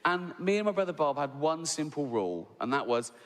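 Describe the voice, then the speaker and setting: Fairly high and sing-song, the sixty-something Englishman's voice moves fairly quickly through his stand-up storytelling. Lines end with "right?", he laughs through his jokes, and the hall reverb trails long behind him.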